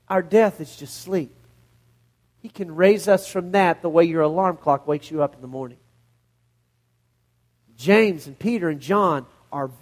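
A middle-aged man preaching a sermon as pastor, telling a Bible story with animated storytelling and acting out the scenes in voices. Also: high-pitched.

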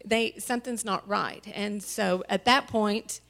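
A woman telling her family's story as a church testimony, tearful and halting, with many pauses and fillers. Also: medium pitch, steady tone, creaky, a bit bright. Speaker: mother sharing a testimony. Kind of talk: emotional personal testimony. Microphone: handheld microphone.

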